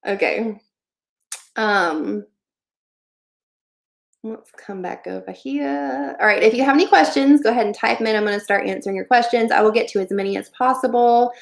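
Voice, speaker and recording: A woman's voice: a little high, normal speed, gravelly, long pauses. A young woman hosting a casual livestream Q&A, chatting in a friendly way and often saying "um" and "like". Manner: chatty, friendly, many fillers like "um" and "like". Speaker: livestream host giving online shop advice.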